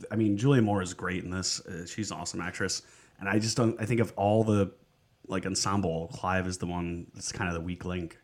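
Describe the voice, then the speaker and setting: A man's voice: low-pitched, steady tone, fairly quick. A man co-hosting a podcast, rambling and restarting his sentences as he recaps a show. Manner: rambling, hesitant, many restarts. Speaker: podcast co-host. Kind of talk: casual recap chat.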